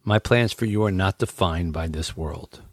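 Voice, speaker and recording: A man doing a calm, deep-voiced God. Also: moderate pace, dry recording, clean studio sound. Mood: solemn. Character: calm, gentle male God character.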